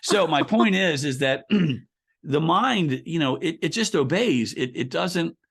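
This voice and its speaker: A man's voice: a little high, animated, slow pace, creaky, a bit bright, husky. A man speaking as an author and coach in a conversational interview, explaining ideas through a long personal anecdote with frequent restarts.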